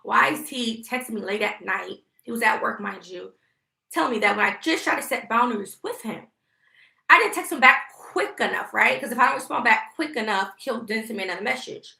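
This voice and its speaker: Heated, gravelly-voiced woman venting to viewers. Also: a little high, brisk, pushed and bright. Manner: emphatic, heated, profane, addresses viewers directly. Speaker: vlogger. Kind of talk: casual venting storytime to viewers. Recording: echoey room.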